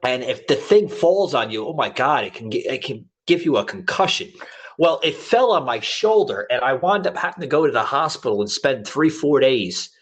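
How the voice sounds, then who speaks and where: A male podcast host from Florida, talking in a loose, casual way. He rambles through a story with restarts and asides, at an ordinary mid pitch. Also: very animated, normal speed, fairly bright tone, slightly rough. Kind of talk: casual chat with a long personal story.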